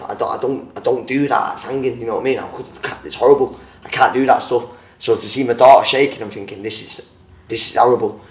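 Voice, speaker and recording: A young man, a former boxer, telling his story in an interview, blunt and rambling, with plenty of swearing and fillers. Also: medium pitch. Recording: roomy, mic at a distance.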